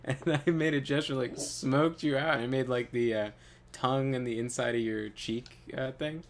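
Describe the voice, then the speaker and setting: A man's voice: medium pitch, normal speed. A man telling a story while gaming, laughing often and swearing casually. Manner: laughs often, animated, loose and profane. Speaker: gaming channel co-host.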